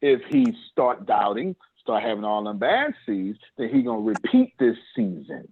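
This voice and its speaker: A man's voice: lowish voice, very animated, moderate pace, husky. Man coaching over tinny call audio. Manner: preachy and emphatic, repeats words, laughs between points. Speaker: success coach hosting a group call. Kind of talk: motivational coaching talk.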